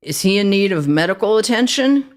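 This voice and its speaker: A woman's voice: medium pitch, lively intonation, brisk, pitched above the performer's own voice, natural voice. A woman voicing a young male police officer who is polite, folksy and prone to rambling.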